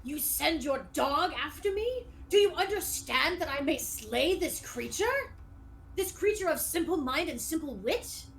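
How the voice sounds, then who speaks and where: A proud skeleton knight, as a woman puts him on, all stiff ceremony and booming declarations. The voice sits fairly high, with a noisy background running under the tabletop session. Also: animated, a little slow, a bit bright, heavily acted. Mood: indignant. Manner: booming, formal old-fashioned speech. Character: pompous male skeleton knight, proud and formal.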